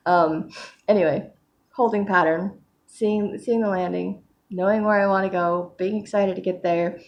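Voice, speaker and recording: A woman's voice: medium pitch, fairly even intonation, moderate pace, highs cut off. A woman recording a casual video diary at home, talking hesitantly with many fillers, her voice still a little worn from crying earlier. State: recently crying. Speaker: vlogger.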